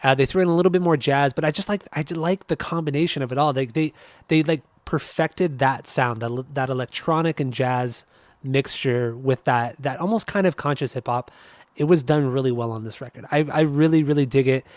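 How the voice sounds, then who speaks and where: An easygoing man co-hosting a podcast, laughing often and trailing into fillers as he talks. His mid-pitched voice is recorded dry and close. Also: a little fast, no room sound. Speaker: podcast co-host. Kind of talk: casual chat.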